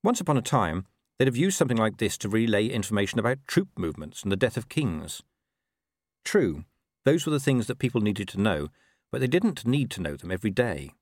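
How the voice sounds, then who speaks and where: A man narrating an audiobook in a scripted, expressive reading that shifts tone through the telling. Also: fairly low pitch, brisk, dry recording, clean studio sound.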